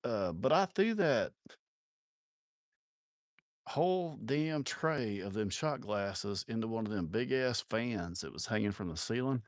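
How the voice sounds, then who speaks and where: A man's voice: on the low side, expressive, measured pace, no room sound, clean studio sound. Rowdy, laughing man telling bar stories. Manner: rowdy, profane, laughing through his stories. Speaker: live streamer telling stories. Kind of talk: casual storytelling.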